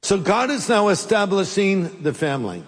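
A man's voice: sits high, very animated, normal speed, husky, in a large hall. A man preaching a sermon as a pastor, playful and joking at times. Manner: playful, jokes and puts on silly accents.

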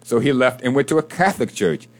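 A male co-host telling a joke and reading sports history in a playful, storytelling manner. His voice sits in an ordinary middle pitch, and his talk stays casual. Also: lively intonation, quick pace. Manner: storytelling, playful, reads stats.

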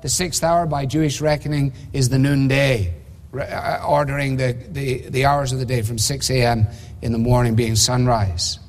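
A man preaching an expository sermon in a measured, emphatic way, often asking rhetorical questions. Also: mid-range voice, level tone. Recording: long reverb of a large hall.

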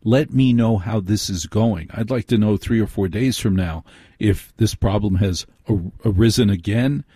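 A male late-night radio host speaks into a studio mic in a measured, emphatic way, repeating lines for effect. His voice is low, mellow and slightly husky. The sound is dry and close. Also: no echo. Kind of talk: radio call-in show. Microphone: studio microphone.

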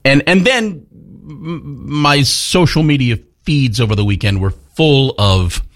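A man's voice: mid-range voice, slow pace. A man hosting a morning news talk radio show, chatting casually with many fillers and restarts.

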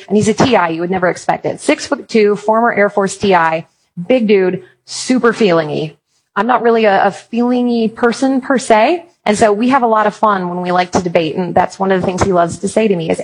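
A woman's voice: medium pitch, quick pace, rough recording. A woman giving an earnest Christian talk, mixing encouragement with humorous personal stories. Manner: humorous, animated storytelling. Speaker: Christian speaker.

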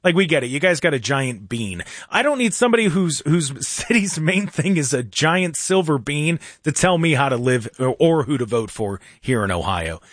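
A man hosting a casual political talk radio show in a studio, animated and mocking, with jokey asides. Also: a little high, moderate pace, few pauses, dry recording.

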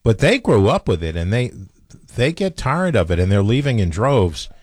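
An American man co-hosts a talk show in a low voice, chiming in with firm opinions. The sound is dry and close. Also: sing-song, normal speed, dry recording. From United States. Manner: opinionated, interjecting. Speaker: talk radio co-host. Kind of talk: casual chat.

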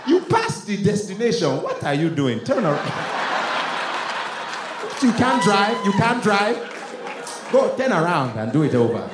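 A comedian voicing a GPS that loudly scolds the driver. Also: male voice, high-pitched, very animated, unhurried, pauses often, pitched above the performer's own voice. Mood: scolding. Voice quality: scolding and loud. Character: impatient Nigerian-accented GPS voice, male. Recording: echoey club with crowd noise.

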